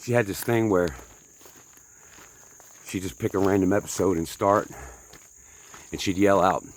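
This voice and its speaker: An out-of-breath man talks to his viewers as folks while climbing a trail, his low voice unhurried and broken by long pauses. He's chatty and self-mocking, rambling along and asking them what to do.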